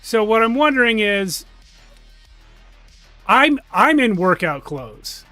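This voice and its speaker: A man's voice: sits high, very animated, slow pace, bright, forceful tone, no room sound, soft background music. A man playing a tabletop role-playing game, chatty and joking, asking the game master questions. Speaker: player. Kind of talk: casual tabletop play.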